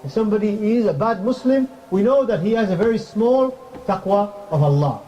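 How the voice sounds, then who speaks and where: A man's voice: high-pitched, animated, warm tone. Man giving a conversational mosque talk. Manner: conversational, asks the audience questions, light jokes; recites Arabic verses quickly. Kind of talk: informal sermon. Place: mosque hall. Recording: crackly muffled recording.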